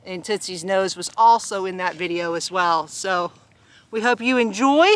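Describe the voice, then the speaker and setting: A woman's voice: medium pitch, moderate pace. A woman reading a picture book aloud outdoors on a farm, chatting in giggly asides between the pages. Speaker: storytime reader on a farm. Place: outdoors on a farm by a hay bale with animals.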